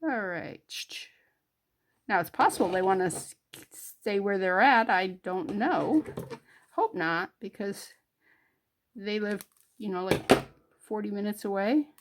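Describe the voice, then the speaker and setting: A woman's voice: mid-range voice, animated, slow pace, pauses often, a little hiss or hum. A middle-aged woman from northern New York, hosting a jewelry crafting vlog in a homey, rambling way with many fillers. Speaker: jewelry crafting channel host.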